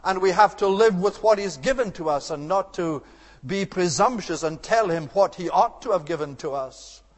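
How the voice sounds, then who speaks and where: A man's voice: sits high, normal speed. A man preaching an expository sermon, earnest and emphatic, building to rhetorical outbursts. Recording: long reverb of a large hall.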